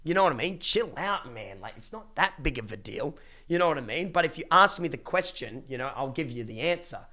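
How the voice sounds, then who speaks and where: Young guy streamer ranting to chat, swears a lot, slightly high voice, keeps restarting. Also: a little fast. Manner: blunt, profane, animated ranting with many restarts. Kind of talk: casual livestream rant to chat.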